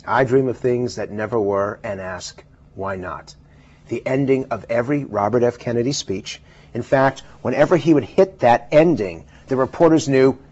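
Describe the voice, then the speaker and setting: A man with a husky voice giving emphatic, explanatory answers as a guest in a televised interview. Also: mid-range voice. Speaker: political pollster guest. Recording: dull lo-fi television audio.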